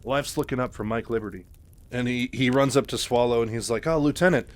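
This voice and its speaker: A man's voice: mid-range voice, steady tone, a little fast. A man casually retelling a novel, rambling with many fillers and asides.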